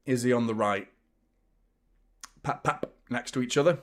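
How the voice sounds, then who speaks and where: A man's voice: medium pitch, normal speed. A young adult man, hosting a live football watchalong, chatting casually, reacting to play and thanking viewers by name. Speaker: fan channel host.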